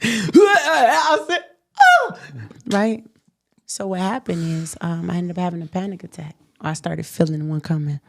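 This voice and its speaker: Woman host, low-ish voice, animated candid storyteller, quick to laugh. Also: gravelly, dry recording. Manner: animated, laughs often, emphatic.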